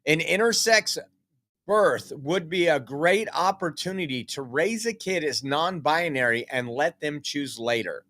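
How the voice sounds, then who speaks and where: A man's voice: fairly high pitch, expressive, unhurried, bright, forceful tone. A man giving casual political news commentary, reading out articles, emphatic and rambling with many fillers.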